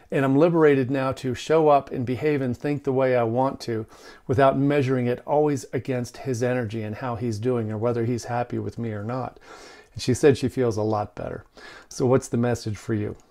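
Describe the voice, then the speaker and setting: A man hosting a men's relationship video, casually recorded in his workshop and telling a story with animated quoted lines. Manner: animated storyteller, quoting with raised pitch. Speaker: host of a men's relationship channel. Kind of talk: casual talking-head video.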